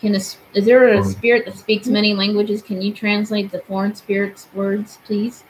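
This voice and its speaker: A woman's voice: mid-range voice, level tone, moderate pace, a little hiss or hum, rough recording. A woman in her twenties streaming from her bedroom, chatting casually and asking spirits questions aloud. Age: 20s. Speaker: paranormal streamer. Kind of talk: casual live-stream chat.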